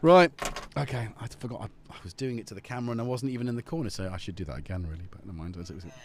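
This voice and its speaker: A man's voice: fairly low pitch, very fast, slight background noise. A man hosting a casual live stream, joking and rambling off topic at a studio mic. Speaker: livestream host. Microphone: studio dynamic mic.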